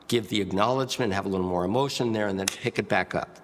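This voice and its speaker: A man teaching public speaking to camera, with a demonstrative, deliberate delivery that shifts pace and pitch and leans on pauses. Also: long reverb tail. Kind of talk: instructive talk to camera.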